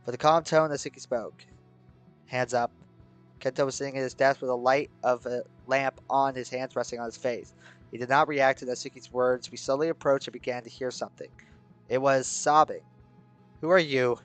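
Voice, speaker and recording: A man's voice: mid-range voice, steady tone, fairly quick, a bit bright, smooth, faint music behind. A man reading a game's story aloud, breaking off into shocked, incredulous reactions. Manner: shocked, incredulous outbursts between narration.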